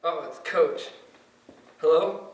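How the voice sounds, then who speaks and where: A man playing an overjoyed young backup player who whoops and shouts. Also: a little high, takes it slowly, music in the background, voice pushed up. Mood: gleeful. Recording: echoey room from far off, loud noise.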